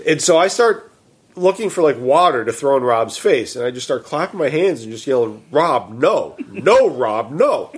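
A man casually telling a story, animated and quoting himself and his friends. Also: medium pitch, brisk, husky.

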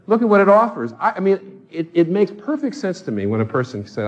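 A man's voice: high-pitched, big pitch swings, brisk, hardly any pauses, husky. A man preaching a sermon with passion, pressing his listeners with pointed rhetorical questions. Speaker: pastor.

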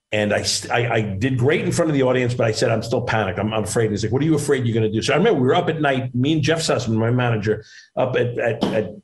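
A man's voice: medium pitch, darkish tone, low-quality recording. A middle-aged man, a comedian and actor, chatting as a guest over a video call, rambling through stories with lots of restarts. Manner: rambling storyteller with many restarts. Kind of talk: casual interview chat.

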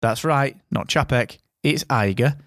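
A man's voice: mid-range voice, measured pace, no echo. A man hosting a casual podcast, chatty and rambling, with a close, dry sound. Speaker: podcast host. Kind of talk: casual chat.

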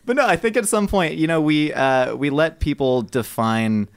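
A man's voice: on the high side, normal speed, clear, resonant tone. A man arguing his side on a casual podcast, rambling and jokey with mock-earnest asides. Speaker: podcast co-host debater.

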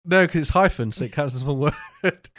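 A man's voice: on the high side, normal speed, a bit bright, no echo, clean studio sound. A man co-hosting a casual podcast, rambling through stories and acting out quotes. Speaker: podcast co-host. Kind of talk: casual chat.

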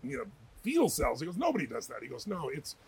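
A man's voice: fairly high pitch, wildly swooping pitch, fast talker, creaky. A middle-aged man telling stories with energy and emphasis as an interview guest, acting out the people he quotes. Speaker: guest, author and speaker. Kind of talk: animated interview storytelling.

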